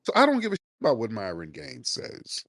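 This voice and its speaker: A man's voice: mid-range voice, huge pitch swings, fairly quick, a bit bright, no echo, clean studio sound. A man hosting a live call-in audio chat with a lingering cough, brash and sarcastic, cursing freely as he takes callers. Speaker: host.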